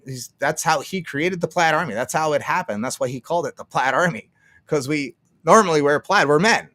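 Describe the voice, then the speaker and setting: A man's voice: a little high, expressive, a little fast, pushed and bright, no echo. A man from Canada hosting a casual livestream, rambling and swearing, laughing often and acting out what others said. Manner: rambling, profane, laughs often, acts out quotes. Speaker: streamer.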